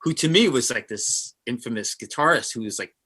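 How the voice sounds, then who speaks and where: Brief: guest musician, bright forceful voice, lively anecdotes, plays out every quote. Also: male voice, mid-range voice, a little fast, breathy edge. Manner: animated, acts out quotes. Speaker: session guitarist, guest. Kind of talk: interview storytelling.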